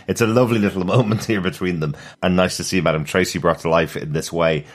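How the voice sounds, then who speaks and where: A man's voice: low voice, fast talker, few pauses. A man co-hosting a casual podcast, chatty and laughing often as he discusses a TV episode. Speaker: podcast co-host.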